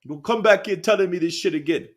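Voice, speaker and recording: A man's voice: sits high, voice pushed up, lightly acted. A man doing a cocky British heavyweight brawler. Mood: boastful. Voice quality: shaky put-on British accent. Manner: shouting threats, quick and cocky. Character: brash British heavyweight boxer, man, boastful and aggressive.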